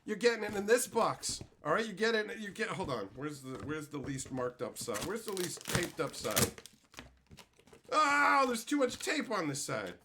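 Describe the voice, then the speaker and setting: A man live-streaming a card pack opening, reading chat and going off on loud, profane, mock-angry rants. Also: high-pitched, sing-song, moderate pace, background noise.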